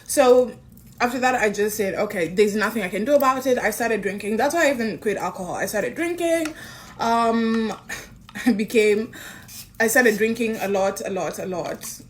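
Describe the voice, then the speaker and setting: A young woman in her twenties, an influencer, telling a personal story with animated, swinging delivery. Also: a little high, moderate pace, a little hiss or hum. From Kenya. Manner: animated, swings between excited and subdued.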